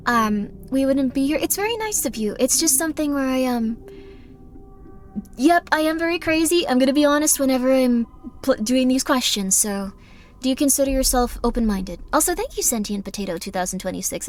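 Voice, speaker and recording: A woman's voice: high voice, animated, normal speed, slight background noise. A woman streaming a game live, talking to chat in a rambling, earnest and apologetic way.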